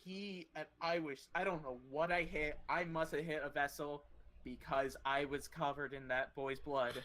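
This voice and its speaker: A young adult podcast host casually telling a long personal story, animated and swearing freely. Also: medium pitch, moderate pace.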